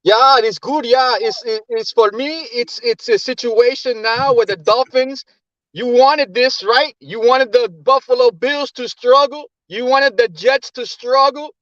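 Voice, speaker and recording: A man's voice: very high voice, fairly even intonation, a little slow, a bit bright, no echo, dull audio. A man calling in to a fan podcast panel, making his point through emphatic rhetorical questions. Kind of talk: casual fan debate.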